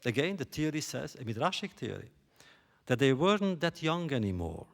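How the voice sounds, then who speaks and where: A man giving a lecture on a biblical text, posing rhetorical questions in a deliberate way. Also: mid-range voice, big pitch swings, gravelly. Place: lecture hall stage.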